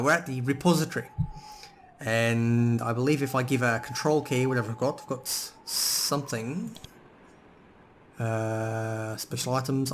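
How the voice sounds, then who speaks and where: Let's-play host, relaxed and rambling, faint room hiss behind. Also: male voice, medium pitch. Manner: relaxed, rambling, swears casually. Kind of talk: casual game commentary and reading dialogue aloud.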